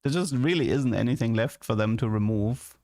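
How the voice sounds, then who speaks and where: A man's voice: medium pitch, fairly quick, darkish tone. A young man streaming and chatting casually, rambling and stammering, often repeating words and laughing.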